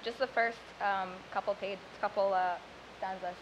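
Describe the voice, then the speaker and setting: A woman's voice: mid-range voice, steady tone, moderate pace, muffled recording, background noise. A young woman from Sudan whose first language is Arabic, performing spoken word poetry live and chatting casually between poems. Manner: chatty and self-deprecating between poems, rhythmic when reciting.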